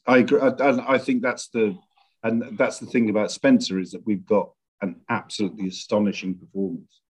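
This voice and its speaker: A middle-aged screenwriter, guesting in a conversational interview, reflects in a measured way while searching for words. His voice is lowish and fairly even in intonation, with a breathy edge.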